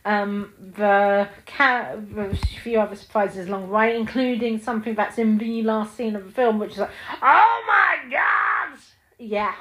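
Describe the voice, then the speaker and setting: Woman in her 30s, solo podcast host, casual gushing film chat, mid pitch, frequent ums. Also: steady tone, moderate pace, few pauses, poor audio.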